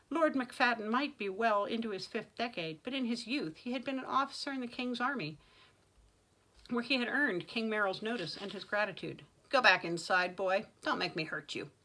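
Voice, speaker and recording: A woman author reading her own fantasy novel aloud with dramatic, expressive narration. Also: on the high side, moderate pace, low-quality recording. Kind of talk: audiobook-style fantasy reading.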